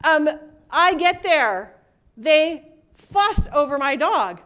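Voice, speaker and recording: A middle-aged woman giving a casual, jokey conference talk, chatting with quick asides and acting out the people she quotes. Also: high-pitched, very animated, bright, forceful tone. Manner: acts out quoted people in shifting voices. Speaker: conference presenter. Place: conference room with live audience.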